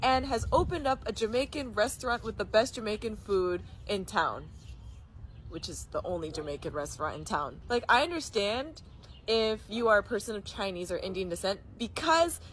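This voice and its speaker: A woman's voice: mid-range voice, lively intonation, normal speed, a bit bright, slight background noise, poor audio. A woman telling an amused travel story to camera in a chatty way. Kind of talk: casual talk to camera.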